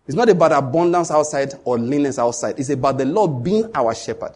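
A middle-aged man, preaching a sermon in an animated storytelling way. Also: medium pitch, brisk, few pauses, slightly rough. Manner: storytelling, animated, with sudden loud acted outbursts. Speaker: pastor.

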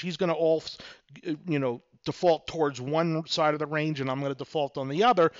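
A man's voice: on the high side, no room sound, highs cut off. A middle-aged man hosting a solo podcast, explaining negotiation tactics and acting out both sides of the dialogues in a conversational way. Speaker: podcast host, real estate attorney.

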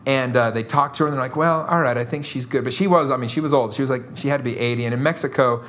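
A man telling a funny story as a podcast guest, animated and laughing often. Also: mid-range voice, very fast. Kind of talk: casual storytelling.

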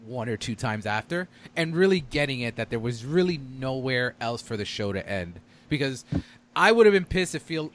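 Earnest young man chatting casually. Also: mid-range voice. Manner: earnest, animated retelling. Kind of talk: casual chat.

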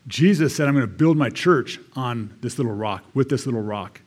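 American male church elder, mid-pitched, folksy sermon delivery with scripture readings. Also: expressive, normal speed, a little mellow. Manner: conversational, reading scripture aloud with asides.

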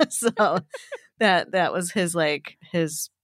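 A woman's voice: fairly low pitch, very slow, dry recording, studio quality. A woman hosting a podcast in casual chat, full of "like" and "um". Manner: chatty, lots of "like" and "um". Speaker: podcast host.

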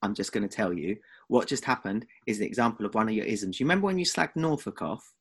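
Animated, husky Essex man. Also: on the low side, quick pace. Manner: camp, teasing, dramatic protests. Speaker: podcast co-host. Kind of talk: casual chat.

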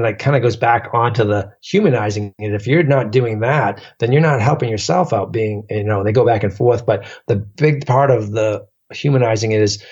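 Low, husky male guest; rambling storyteller, dull lo-fi podcast sound. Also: darkish tone. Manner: rambling, restarts often, lots of fillers. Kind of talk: casual storytelling chat.

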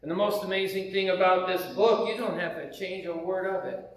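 High-voiced American preacher in echoey hall. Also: male voice, steady tone, fairly quick, far from the mic. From United States. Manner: conversational, rhetorical questions to the congregation. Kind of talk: sermon. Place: church sanctuary. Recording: very echoey hall, heard from afar.

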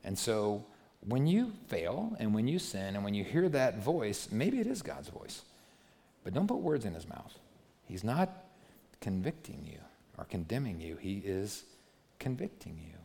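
A man preaching a sermon as a pastor, moving from hushed, gentle passages to loud, animated ones. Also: lowish voice, unhurried, creaky. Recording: long hall reverb.

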